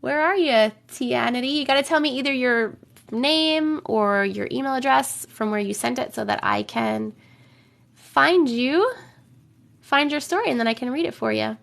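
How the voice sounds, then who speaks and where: Young woman, livestream host, high voice, rough from a cold, chatty, hums filler sounds. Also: moderate pace, a bit bright. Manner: chatty, hums and scats filler syllables while waiting. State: voice rough from getting over a cold. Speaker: livestream host reading viewer stories. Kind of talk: casual livestream chat and story reading.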